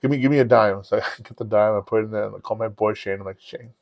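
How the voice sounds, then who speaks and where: A man's voice: lowish voice, fairly even intonation, rapid-fire, gravelly, darkish tone, dry recording, highs cut off. A man, a podcast host telling a rambling, profane story and acting out the quotes. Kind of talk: casual storytelling.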